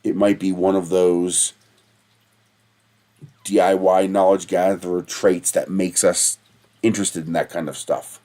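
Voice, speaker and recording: A man's voice: sits low, little pitch movement, measured pace, pauses often, mellow. Rambling, swearing man on a livestream. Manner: digressive, profane, laughs at his own stories. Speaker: livestream host. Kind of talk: casual rambling livestream talk.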